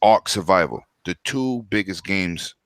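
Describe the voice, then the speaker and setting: A man's voice: low-pitched, lively intonation, unhurried, dry recording. A man from New York co-hosting a casual podcast, making points in an emphatic, argumentative way. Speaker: podcast co-host.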